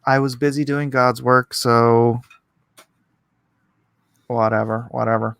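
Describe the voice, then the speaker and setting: A man hosting a casual livestream, animated and jokey, reading chat and bantering with his co-host. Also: mid-range voice, slow, gravelly, smooth, no echo. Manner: animated and jokey, breaks into laughs.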